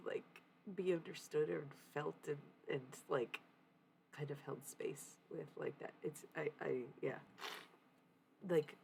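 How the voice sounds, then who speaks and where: Young woman streamer, low voice with lots of fry, casual and candid, swears a lot. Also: a little mellow, slight background noise. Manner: candid, swears freely, laughs often. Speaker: livestreamer. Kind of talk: casual confessional chat.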